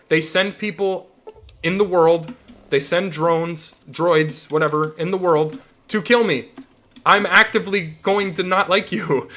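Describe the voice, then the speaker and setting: Bright-voiced man ranting casually. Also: fairly high pitch. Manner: rambling, profane ranting. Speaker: streamer. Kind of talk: casual game chat.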